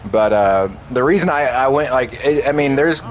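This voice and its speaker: A man's voice: mid-range voice, expressive, moderate pace, highs cut off, a little hiss or hum. Rambling man chatting on a game stream. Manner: rambling, filler-heavy, friendly asides to viewers. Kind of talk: casual gaming stream chat. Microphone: desk mic in a home streaming room.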